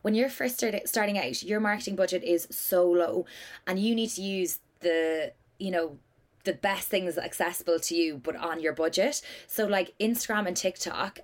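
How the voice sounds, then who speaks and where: A woman with a Cork Irish accent, chatting as a podcast guest, a lively storyteller who fills her talk with "like". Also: on the low side. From Cork, Ireland. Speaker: guest, business owner. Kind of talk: casual podcast chat.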